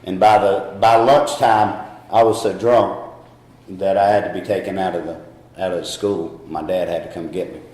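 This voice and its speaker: A man's voice: low-pitched, fairly even intonation, moderate pace, darkish tone, reverberant. A middle-aged man with a Southern US accent gives a candid, rambling personal testimony at a recovery meeting, often laughing at himself.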